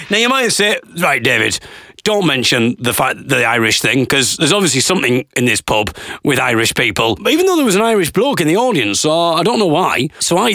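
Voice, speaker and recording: A man, a stand-up comedian, retelling a gig in a casual, animated, laughing way. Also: medium pitch, dry recording, clean studio sound. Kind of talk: casual vlog storytelling.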